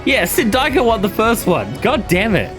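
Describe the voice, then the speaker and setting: Animated, swearing streamer with faint music. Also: male voice, sits high, moderate pace. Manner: animated, swearing, laughing at the game. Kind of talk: casual live-stream chat.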